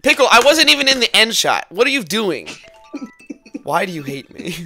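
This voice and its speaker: A man with a high, wildly swinging voice hosts a multiplayer gaming session, yelling and protesting at his teammates. Game music plays clearly behind him. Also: animated, unhurried. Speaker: let's play host.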